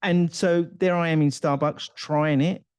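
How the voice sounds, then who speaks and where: A man's voice: on the high side, fairly even intonation, a little slow, a little mellow, smooth, no room sound. A man hosting a podcast interview, chatting casually and telling personal anecdotes. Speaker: podcast host.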